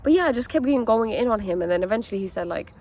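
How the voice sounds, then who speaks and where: A young woman telling a personal story in a candid vlog, earnest and animated, peppering her talk with fillers and "okay?" asides. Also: a little high, rapid-fire. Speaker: wellness content creator.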